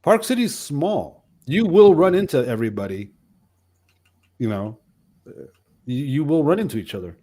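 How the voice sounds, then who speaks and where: A man's voice: fairly high pitch, normal speed, pauses often. Rambling storytelling man in his fifties. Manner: rambling, animated storyteller with many restarts. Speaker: co-host, missionary pastor. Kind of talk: casual chat.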